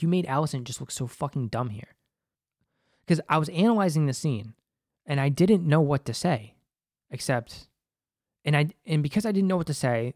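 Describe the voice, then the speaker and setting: Male TV reviewer, mid-pitched, dry close sound, loose and profane, rambling fillers. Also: darkish tone, no echo. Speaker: TV episode reviewer. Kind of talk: casual spoken commentary.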